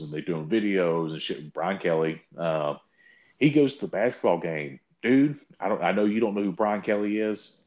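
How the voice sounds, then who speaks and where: A man chatting casually, telling stories with lively mocking impressions and swearing. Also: dull audio. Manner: animated storytelling, mocking quotes with big pitch jumps. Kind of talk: casual chat.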